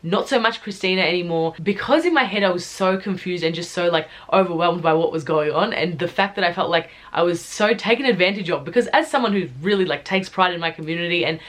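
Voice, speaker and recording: A young woman from Australia in a casual storytime vlog, retelling events in a chatty, animated way full of filler words. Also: on the low side, quick pace, few pauses. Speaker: YouTuber telling a story.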